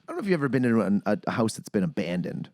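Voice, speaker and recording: A man's voice: lowish voice, very animated, very fast, darkish tone, no room sound, clean studio sound. A man from Manitoba co-hosting a podcast, ranting sarcastically about a bad movie with plenty of swearing. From Manitoba, Canada. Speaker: podcast co-host. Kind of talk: casual movie-review chat.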